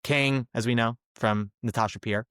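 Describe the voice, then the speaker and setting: A man hosting a podcast, giving a casual, animated solo review with chatty asides. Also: mid-range voice, normal speed, clear, resonant tone, dry recording, clean studio sound. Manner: chatty and animated, slips into mocking impressions. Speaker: podcast host, theater reviewer.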